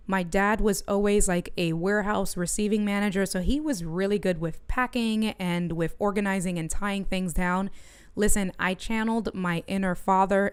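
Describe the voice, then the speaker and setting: A middle-aged woman streaming from her home studio, telling a story in an animated way and talking to her chat. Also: mid-range voice, clear, resonant tone. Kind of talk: casual livestream chat.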